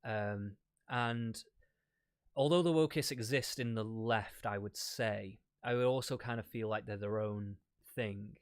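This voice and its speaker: Relaxed swearing Englishman, dry close sound. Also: lowish voice, measured pace, smooth, no echo. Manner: relaxed, swears casually, laughs often. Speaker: debate guest. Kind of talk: casual chat.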